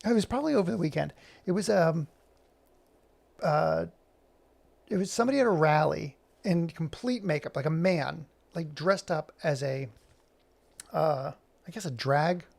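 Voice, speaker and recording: A gravelly-voiced man talks casually while he works, rambling with plenty of fillers. His voice sits a bit above the usual male range. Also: a little high, normal speed, pauses often, darkish tone. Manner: rambling, chatty, many fillers. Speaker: animator and vlogger. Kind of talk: casual chat while working.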